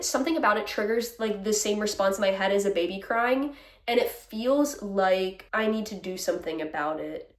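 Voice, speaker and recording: Far from the microphone in a room full of echo, a young female vlogger with a medium-pitched voice vents openly. Her casual rant is peppered with curses and frequent laughs as her exasperation shows.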